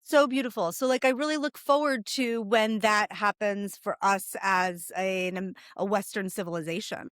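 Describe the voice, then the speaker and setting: A woman's voice: mid-range voice, normal speed, hardly any pauses, fairly bright tone, no room sound, studio quality. A woman hosting a casual interview, speaking in a thoughtful, searching way. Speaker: podcast host.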